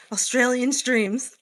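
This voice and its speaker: A woman streamer with a slightly high voice chats casually with her livestream viewers. She's playful and teasing, swears casually, and snacks while talking.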